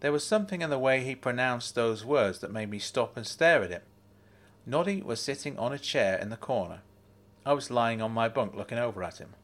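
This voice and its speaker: Male narrator, mid-pitched voice, reflective first-person audiobook read. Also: animated, brisk, a bit bright.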